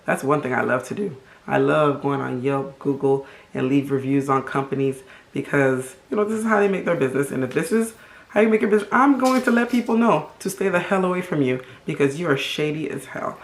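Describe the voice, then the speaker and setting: Animated woman telling a story in a roomy echo. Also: low-pitched, brisk. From Haiti. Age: middle-aged. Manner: animated, emphatic, indignant storytelling. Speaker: vlogger. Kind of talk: storytime vlog.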